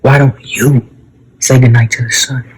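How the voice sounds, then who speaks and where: A man voicing a gentle mother bunny. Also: medium pitch, level tone, normal speed, a little hiss or hum, natural voice. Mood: soothing. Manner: soft, soothing.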